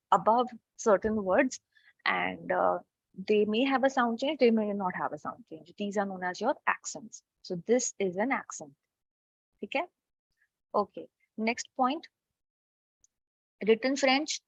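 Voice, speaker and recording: A woman's voice: medium pitch, dry recording. Woman teaching an online language class. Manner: explains step by step with frequent "okay" checks. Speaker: French teacher. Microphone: video call. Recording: dull lo-fi online call audio.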